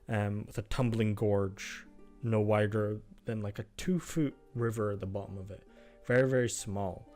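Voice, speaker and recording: A man narrates a tabletop game as game master, describing the scene at an easy, unhurried pace. His voice sits fairly low, and he fills gaps with ums and likes. Soft music plays faintly underneath.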